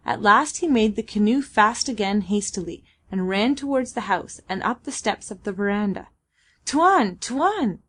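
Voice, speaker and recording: A woman giving a steady, even audiobook narration. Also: medium pitch, normal speed, few pauses. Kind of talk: scripted narration.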